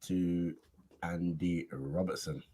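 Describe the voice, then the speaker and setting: A man co-commentating on a football match, calling the play with excitable, quick-to-laugh energy. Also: sits low. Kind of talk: casual live football commentary.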